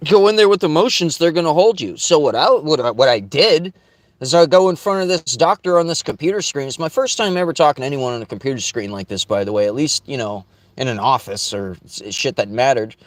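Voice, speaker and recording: A man recounts a personal story in a rambling, blunt way, swearing often and tripping over his own sentences. His voice sits a touch higher than most men's. The sound is dry and close, with no room around it. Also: lively intonation, a little fast, dry recording. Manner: blunt, profane, rambling with restarts. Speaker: vlogger. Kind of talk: casual storytelling.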